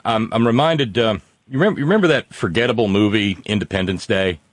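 A male talk radio host with a fairly low voice chats with a caller in a wry, conversational way. His voice sits close and dry on the mic, with no room sound. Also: fast, no room sound.

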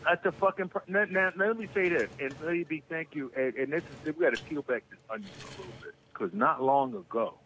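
A man co-hosting a casual talk show, telling an animated story with lots of swearing and stumbling restarts. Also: on the high side, fairly quick, few pauses, a little hiss or hum. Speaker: co-host. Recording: muffled lo-fi sound.

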